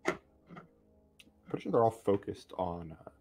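A man's voice: sits low, very animated, slow. A laid-back man playing a tabletop game over a voice call, talking loosely with fillers. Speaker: player.

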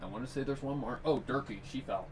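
Man, casual rambling talk, chuckles a lot, mid pitch, faint background hiss. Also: fast. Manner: meandering, self-correcting, chuckling often. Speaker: fan audiobook reader and voice actor. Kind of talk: rambling casual chat on camera. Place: home room with guitars and a keyboard.

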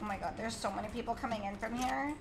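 A young woman streaming a game live and commenting as she plays, excitable and gushing, with frequent squeals and repeated exclamations. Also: fairly high pitch, quick pace, background noise. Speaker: gaming streamer. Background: music playing under the voice.

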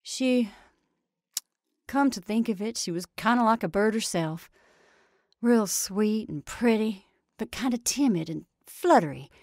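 A woman's voice: mid-range voice, lively intonation, unhurried, pauses often, a little mellow, no room sound, clean studio sound, pitched above the performer's own voice. A woman voicing a plain-spoken, middle-aged farm wife in a read-aloud story, speaking earnestly. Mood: wondering.

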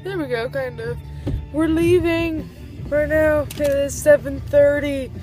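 A teenage girl vlogging about a new book, gushing and swinging between hushed whispers and excited squeals. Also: high voice, takes it slowly, faint music behind. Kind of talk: excited casual vlog. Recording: faint background noise.

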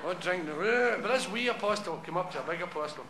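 A man's voice: high-pitched, expressive, fast, hardly any pauses, crowd noise, noisy background. A man with a Glasgow accent doing live stand-up, telling a rambling story and laughing at his own jokes. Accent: Scottish (Glasgow). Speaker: stand-up comedian. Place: concert stage before a large audience. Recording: echoey live hall with loud audience.

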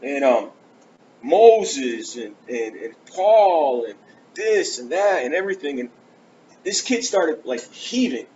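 A man with a voice a little above average pitch delivers a storytelling sermon in church. He speaks earnestly and with animation, slipping into the voices of people he quotes. The sound is muffled and lo-fi, with a light hiss behind it. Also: slow. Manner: earnest, animated, acts out conversations. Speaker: preacher giving his testimony. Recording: dull lo-fi church recording with faint hiss.

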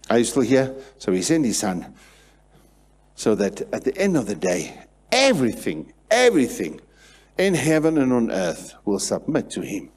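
A man preaching a sermon in church, swinging between hushed passages and loud, repetitive declarations. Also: mid-range voice, breathy edge. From South Africa. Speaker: pastor.

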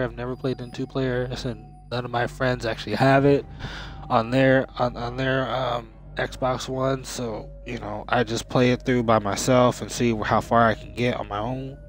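A young man giving casual commentary while playing a video game, excitable and cursing, often shouting at the game. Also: mid-range voice, normal speed, faint music behind. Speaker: gamer.

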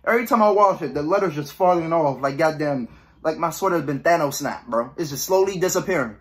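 A man's voice: on the high side, lively intonation, a little fast. A young man giving joking, swearing horror game commentary, reading the game text aloud. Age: young adult. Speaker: gaming YouTuber.

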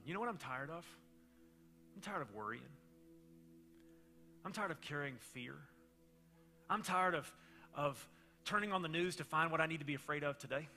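A middle-aged male pastor with a high, very bright, cutting voice delivers a chatty, storytelling sermon. He jumps from loud, excited bursts to quiet, hushed lines. Soft music plays faintly underneath. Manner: animated, conversational storytelling with quick swings between loud and hushed.

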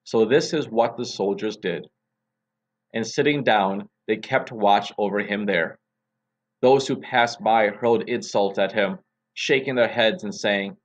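Slow, measured pastor reading scripture. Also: male voice, fairly low pitch.

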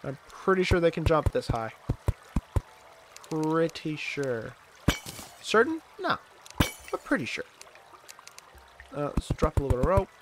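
A man's voice: on the high side, big pitch swings, moderate pace, pauses often, noisy background. A man giving casual let's-play commentary while gaming, rambling and self-mocking, laughing often and groaning dramatically when his character gets hurt. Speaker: gaming channel host.

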